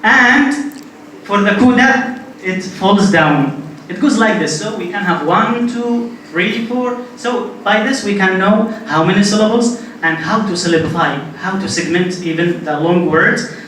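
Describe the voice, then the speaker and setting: A man's voice: high-pitched, measured pace, fairly bright tone. A man whose first language is Arabic gives a linguistics lecture in a classroom, explaining step by step and repeating key points. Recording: very echoey room, distant mic, faint noise.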